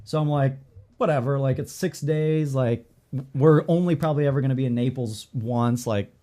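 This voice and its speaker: Man, podcast co-host, casual storytelling, animated, swears, filler-heavy, mid pitch. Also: moderate pace. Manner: animated, swears freely, acts out quoted dialogue; filler-heavy, lots of "like" and "I'm like".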